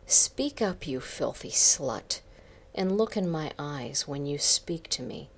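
A woman reading the lines of an arrogant, domineering male boss in a slow, taunting, commanding way, in her own low voice. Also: sing-song, darkish tone, heavily acted.

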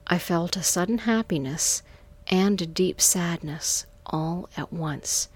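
A woman narrating a first-person erotic story in a soft, half-whispered, drawn-out delivery, close to the mic. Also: fairly low pitch, husky, dry recording.

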